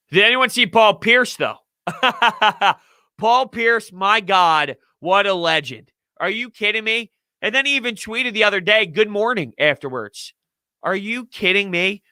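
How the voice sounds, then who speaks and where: A man's voice: a little high, bright, forceful tone, smooth, dry recording. A young man hosting a casual sports podcast, ranting and joking with frequent laughs. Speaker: podcast host.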